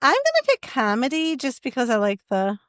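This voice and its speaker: A woman's voice: high-pitched, wildly swooping pitch, brisk, fairly bright tone, no echo, clean studio sound. A young woman co-hosting a podcast, chatting casually and reading quiz questions aloud with laughs. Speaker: podcast co-host. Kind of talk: casual chat.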